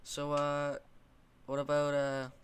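A man's voice: on the high side, monotone, slow, clear, resonant tone. A young man hosting a casual podcast, rambling and joking with lots of fillers. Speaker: podcast host. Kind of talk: casual chat.

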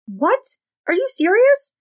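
A woman's voice: a little high, animated, a little fast. A woman voicing a defiant teenage girl who is haunted by a demon, insistent and pleading in turn.

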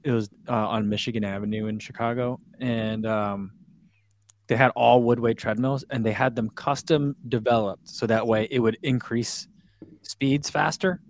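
A man's voice: mid-range voice, steady tone, normal speed, dry recording. Chatty man reading out viewer questions. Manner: chatty, full of fillers like "like" and "um". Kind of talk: casual chat.

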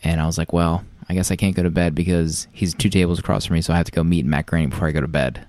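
A man with a very deep voice tells rambling stories on a casual podcast, full of restarts. The sound is dry and close, with no room around it. He sounds like a man in his thirties. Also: steady tone, racing, darkish tone, no echo. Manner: rambling storyteller, many restarts. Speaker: podcast co-host. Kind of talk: casual chat.

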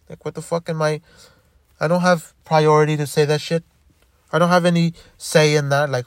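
A young man hosting a solo podcast, talking in a halting, rambling way with many restarts and frequent swearing. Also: on the high side, level tone, dry recording, studio quality. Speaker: podcast host.

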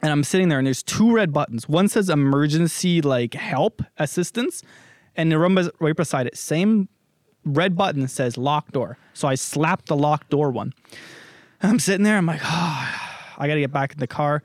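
A young man tells a story among friends in loose, lively chat, laughing and swearing as he goes. His voice sits a bit high for a man, and the recording is dry and close, with no room sound. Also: normal speed, dry recording. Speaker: podcast co-host.

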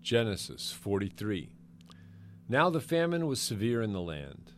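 A man's voice: fairly low pitch, huge pitch swings, unhurried, a bit bright, a little hiss or hum. A man reading scripture aloud. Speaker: Bible reader.

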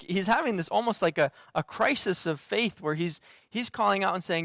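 A man's voice: sits high, lively intonation, normal speed, vocal fry, few pauses, a bit bright, dry recording, clean studio sound. A man giving a sermon as a pastor, earnest and conversational, with frequent fillers and restarts.

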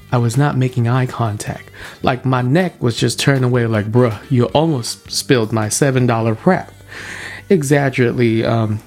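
A man's voice: on the high side, darkish tone. Playful, self-mocking male podcast host. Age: 20s. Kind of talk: casual podcast storytelling.

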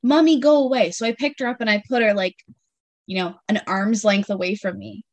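Animated mom telling stories, dry close sound. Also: female voice, mid-range voice, a little fast, dry recording. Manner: animated storytelling, acts out her kids' voices. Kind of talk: casual chat.

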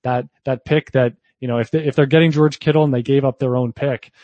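A man's voice: mid-range voice, fairly even intonation, fairly quick, no room sound, dull audio. A man co-hosting a fantasy football show, chatting casually with lots of fillers and restarts. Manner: talkative, frequent fillers and restarts. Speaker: podcast co-host.

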